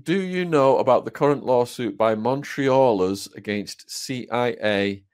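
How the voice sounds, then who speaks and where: A man's voice: mid-range voice, measured pace, smooth. Man hosting, reading viewer questions. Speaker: podcast host.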